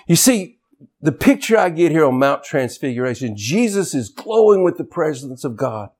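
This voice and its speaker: Animated older man preaching a sermon. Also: on the high side, moderate pace. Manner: animated preaching, shouting for emphasis. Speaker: pastor. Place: church.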